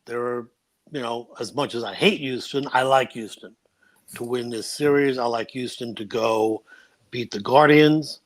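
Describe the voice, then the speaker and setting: A man's voice: mid-range voice, steady tone, a little slow. A man giving emphatic, opinionated picks on a casual sports podcast. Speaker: roundtable panelist.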